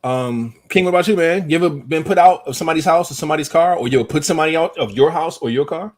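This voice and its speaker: A young man hosting a podcast, telling a profane story in casual, animated talk. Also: fairly high pitch, very fast. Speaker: podcast host.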